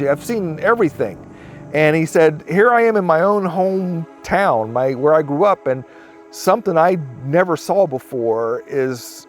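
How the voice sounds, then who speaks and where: Brief: man with a slightly high voice, rambling storyteller, soft music underneath. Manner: rambling retelling with quoted speech. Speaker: interviewee recounting a sighting. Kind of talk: casual storytelling interview.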